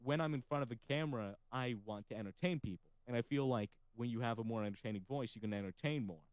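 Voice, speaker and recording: A man's voice: mid-range voice, fast, a little mellow, clean tone, no echo, poor audio. A man hosting a casual podcast chat, with a slightly nasal voice, who talks freely, swears casually and laughs often. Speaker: podcast host.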